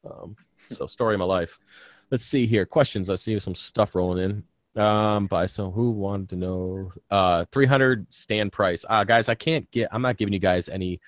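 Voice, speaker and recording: A very low-voiced man chats loosely on a live stream, piling on ums and uhs and dropping casual swear words. A bitten tongue gives him a slight lisp. The sound is close and dry, with no room echo. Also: normal speed. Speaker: reef aquarium channel host.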